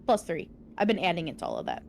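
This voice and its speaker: A woman playing in a live tabletop game, talking in rapid, rambling asides and swearing casually. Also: fairly low pitch, huge pitch swings, gravelly, darkish tone, a little hiss or hum. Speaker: player.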